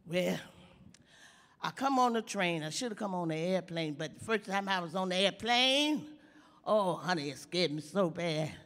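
Sassy old comedienne, bright high voice, lots of swoop, echoey theater. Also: female voice, animated, moderate pace. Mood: storytelling. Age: older. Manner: bawdy, teasing, drawls and chuckles through punchlines. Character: sassy old woman comedian, bawdy storyteller. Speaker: stand-up comic in a stage play. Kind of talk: live stage comedy monologue. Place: large theater stage with audience. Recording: long reverb of a large hall.

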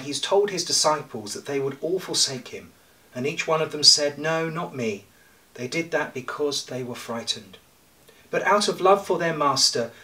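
Man, priest, sermon, measured with pauses and light humour, bright tone, recorded from a distance. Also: medium pitch. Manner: measured preaching with jokes and pauses. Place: church.

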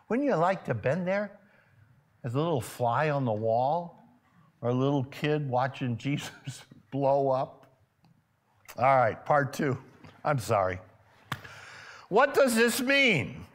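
A male pastor preaching a sermon in a church. He keeps asking his congregation questions and grows loud and emphatic when stirred. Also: medium pitch, expressive, takes it slowly, long pauses. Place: church sanctuary.

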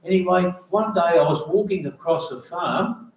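An older man with an Australian accent asking a speaker rambling, halting questions from an audience. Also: high-pitched, dull audio. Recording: echoey room from far off.

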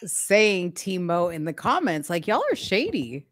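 A woman's voice: on the low side, sing-song, a little slow, dry recording. A woman co-hosting a casual chat show, playful and teasing, laughing often. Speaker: co-host.

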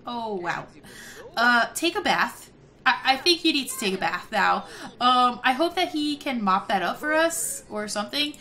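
A woman hosting a let's-play video, giving excitable casual commentary, gasping and laughing often. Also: on the high side, measured pace. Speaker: gaming video host.

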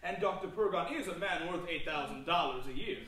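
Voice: medium pitch, a little fast, a bit bright, close to an everyday voice. An actor playing a stubborn, self-pitying older father who fancies himself ill, on a live stage, blustering and indignant. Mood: pompous. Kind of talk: live theater performance. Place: small black box theater. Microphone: distant room mic. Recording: roomy stage sound from far off.

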